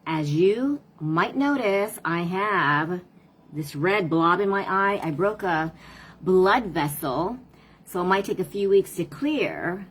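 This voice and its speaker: A woman's voice: on the low side, lively intonation, slow, poor audio. A woman parent coach talking casually to viewers on a live stream, asking rhetorical questions and replying to comments.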